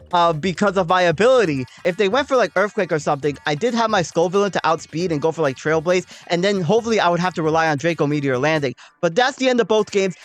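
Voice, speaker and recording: With a fairly low-pitched voice, the host of a gaming channel walks viewers through a battle, explaining her reasoning in a relaxed, chatty manner. She leans often on "um" and "like."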